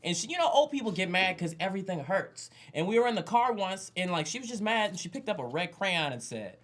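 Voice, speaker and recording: A woman guest on a casual comedic panel chat, telling playful stories in an animated way. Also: medium pitch, fast.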